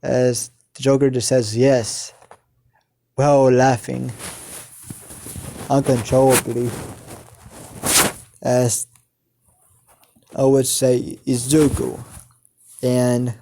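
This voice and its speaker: A man improvises a fan story, narrating haltingly and filling pauses with hesitant sounds. His pace is slow and unhurried. His voice is dark and mellow. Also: mid-range voice, little pitch movement, vocal fry, slight background noise. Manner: halting, many filler sounds.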